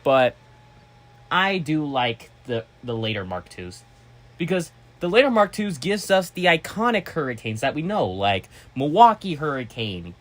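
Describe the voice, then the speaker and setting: An excitable man talking casually to his viewers in a vlog. His pitch leaps around constantly in a very lively way. He rambles, restarts sentences and breaks into sudden loud outbursts. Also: unhurried. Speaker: vlogger.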